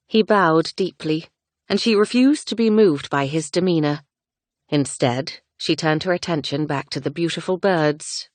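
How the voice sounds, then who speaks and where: A woman narrates a romance audiobook in a gentle, measured way. Her voice sits low, and the recording is dry and close with no room sound. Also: lively intonation, dry recording. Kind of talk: scripted narration.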